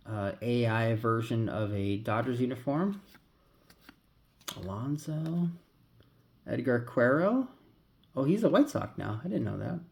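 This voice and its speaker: A man's voice: mid-range voice, vocal fry. Casual male card-opening vlogger, mumbling names, loose and rambling. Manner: rambling, mutters names as he flips cards. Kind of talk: casual pack-opening commentary.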